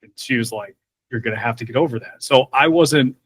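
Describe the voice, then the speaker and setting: Michigan guy chatting easy on a podcast, friendly, mid pitch. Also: brisk, slightly rough. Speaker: TV meteorologist, podcast guest. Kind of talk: casual podcast chat.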